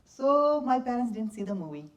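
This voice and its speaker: A man's voice: very high-pitched, normal speed. Young man telling stories off-mic. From India. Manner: lively storyteller, laughs often, simple broken English. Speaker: film subject answering audience questions. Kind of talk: post-screening Q&A answers. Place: cinema or festival hall. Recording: distant from the mic.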